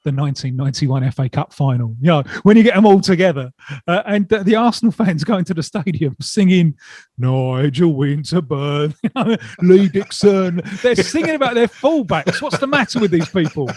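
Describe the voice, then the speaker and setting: A man's voice: high-pitched, lively intonation, brisk, a little mellow, slightly rough, no echo. A man co-hosting a podcast, chatting in an amused way. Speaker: podcast co-host. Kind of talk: casual chat.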